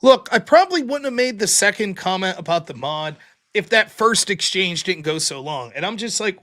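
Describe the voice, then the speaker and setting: A man's voice: high-pitched, sing-song, fairly quick, pushed and bright. Exasperated, profane male livestream host. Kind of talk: casual livestream talk, reading viewer donations.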